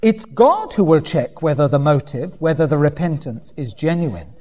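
Delivering a sermon at normal speed in a voice on the high side, a man swoops and bounds through his words with wild liveliness, dipping in and out of quoted voices with dry humour. A long reverb surrounds him, as though he were in a church hall.

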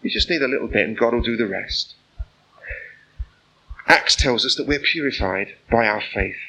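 Gravelly, forceful male preacher. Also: medium pitch, expressive, normal speed, rough recording. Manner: conversational, full of rhetorical questions; personal and earnest. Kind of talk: informal sermon.

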